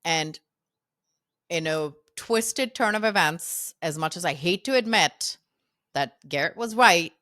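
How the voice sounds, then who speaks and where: Low-voiced woman, animated storyteller. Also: slow pace, no echo, clean studio sound. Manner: animated, quotes herself and others in lively voices. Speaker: podcast guest, founder. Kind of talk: casual storytelling interview.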